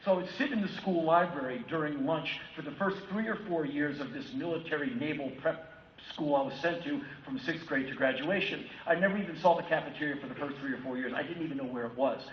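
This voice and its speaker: Animated man telling stories in an echoey hall. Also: on the high side, quick pace, a little hiss or hum. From United States. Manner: animated, acts out voices of others. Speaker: keynote speaker. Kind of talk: storytelling keynote talk. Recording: echoey hall from far off, dull lo-fi sound with faint ambience.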